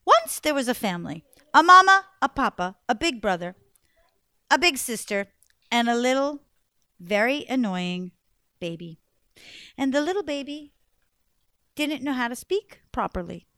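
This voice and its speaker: Woman storyteller telling a funny tale, high and bouncy, dramatic pauses. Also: big pitch swings, pushed and bright, no room sound, clean studio sound. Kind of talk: animated storytelling.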